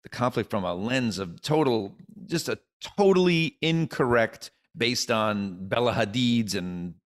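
A man's voice: mid-range voice, lively intonation, unhurried. A middle-aged man, a comedian guest, talking in a rambling, joking way full of restarts and asides. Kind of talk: casual interview chat.

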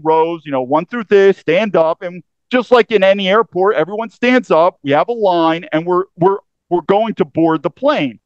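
Intense high-voiced veteran man. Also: dry recording, lo-fi sound. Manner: intense, emphatic, self-interrupting. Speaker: military veteran telling his story. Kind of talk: first-person storytelling.

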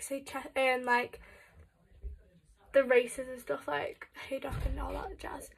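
A woman's voice: high-pitched, a bit bright. A teenage girl from the UK chatting casually to camera at home, telling a rambling story full of "like". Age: teens. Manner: rambling, filler-heavy storytelling with lots of "like". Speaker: vlogger.

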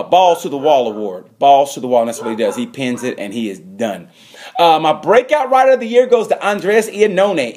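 A man hosts a comedic awards rundown in a rambling, excitable way. His pitch leaps around constantly, and he breaks into sudden loud outbursts. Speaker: host. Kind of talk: comedic monologue giving awards.

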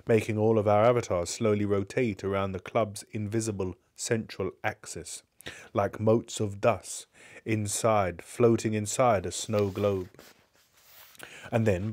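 A man reads a novel aloud for a live book club, his voice sitting fairly low. He narrates at a steady pace, now and then backing up to restart a phrase. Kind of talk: live audiobook reading.

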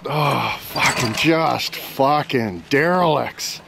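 A man vlogging outdoors in the cold, talking loudly and rowdily, swearing constantly and hooting at his buddies. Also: mid-range voice, takes it slowly, creaky, background noise. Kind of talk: profane casual banter. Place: outdoors in the cold with a motor running.

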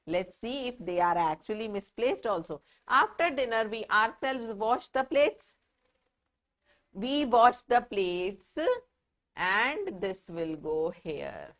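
A woman's voice: medium pitch, expressive, takes it slowly, fairly bright tone. Female grammar teacher, Indian English accent, patient explainer for young students. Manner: explains patiently, asks the children questions and answers them herself. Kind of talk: classroom lesson.

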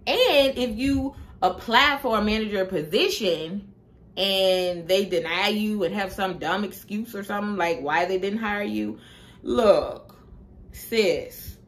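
A young woman vlogger chatting casually to camera in an expressive, slangy, animated way. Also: medium pitch, a little slow.

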